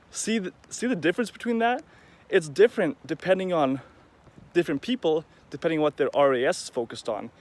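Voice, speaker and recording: Talking quickly and with animation, a vlogger with a voice on the high side addresses the camera in a loose, rambling chat. Every so often he acts out how the people he's quoting sound.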